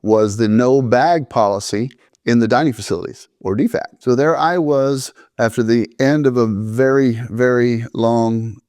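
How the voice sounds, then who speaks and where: A middle-aged army veteran telling a first-person story with dry, matter-of-fact humor and a measured, deliberate delivery. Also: male voice, mid-range voice, darkish tone, dry recording.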